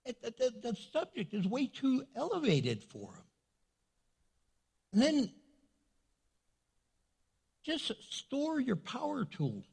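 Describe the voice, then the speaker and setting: A male pastor preaching a sermon in a church, animated and joking, repeating his points for emphasis. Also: very high voice, takes it slowly, gravelly, long pauses, slightly rough.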